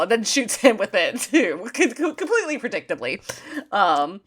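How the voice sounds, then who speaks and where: A woman's voice: mid-range voice, big pitch swings, measured pace, a bit bright. A woman co-hosting a podcast, casually recapping a cartoon, giggly and acting out the characters' lines. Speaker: podcast co-host.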